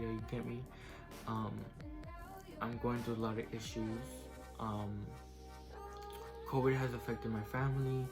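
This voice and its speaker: A young man casually telling a personal story in a vlog, filling his talk with "like" and "right?", getting emotional and tearful as he goes on. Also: mid-range voice. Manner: casual, fills speech with "like" and "right?". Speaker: vlogger.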